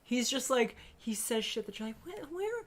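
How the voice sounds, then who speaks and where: Blunt, swearing mom on a podcast. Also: female voice, steady tone, moderate pace. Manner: blunt, swears freely, mimics her kids in high voices. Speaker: podcast co-host. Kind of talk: casual chat.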